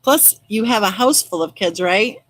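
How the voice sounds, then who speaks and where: Reading comments from her live chat, this middle-aged true crime host chats casually and replies warmly to each viewer by name. She speaks at a normal speed in an animated, medium-pitched voice. The audio is dry and low in quality.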